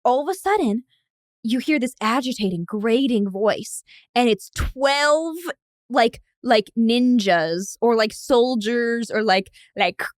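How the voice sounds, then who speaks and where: A woman's voice: a little high, expressive, slow, no echo, studio quality. Rambling young woman telling a story. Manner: rambling storytelling, heavy use of "like". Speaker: co-host. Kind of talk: casual podcast chat.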